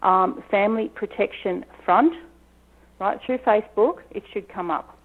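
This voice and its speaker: A woman's voice: medium pitch, a little slow. Aussie lady phoning into a talk show, friendly, lots of ums, tinny phone sound. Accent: Australian. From Australia. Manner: friendly, hesitant, many ums. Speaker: caller. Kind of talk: phone-in conversation. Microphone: telephone.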